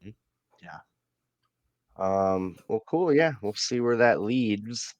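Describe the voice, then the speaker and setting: A man's voice: on the low side, slow, dry recording. A man co-hosting a wrestling podcast, recapping a show casually with many fillers and easy laughs. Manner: relaxed recap with many ums and uhs, laughs easily. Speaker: podcast co-host. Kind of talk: casual wrestling review chat.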